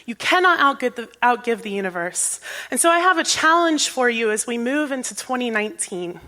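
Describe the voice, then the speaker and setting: A woman's voice: on the high side, lively intonation, fairly quick, sharp tone. A woman minister giving a sermon in a church, with an earnest manner, rhetorical questions and a repeating cadence. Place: church sanctuary.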